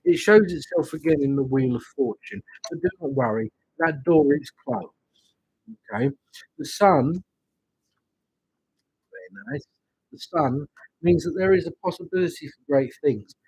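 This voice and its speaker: Male host doing tarot readings on stream; husky tone, animated delivery, gentle and reassuring. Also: fairly high pitch, unhurried, pauses often, dry recording. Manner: gentle, reassuring, checks in with "okay?".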